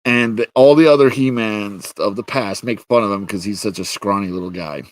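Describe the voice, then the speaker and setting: This is a man in a loose, ranting review, exasperated and swearing freely as he piles on filler words. His voice sits a little low and sounds dry and close, with no room around it. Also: fairly quick, no room sound. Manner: profane, exasperated, heavy on fillers. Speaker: show reviewer. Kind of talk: casual ranting commentary.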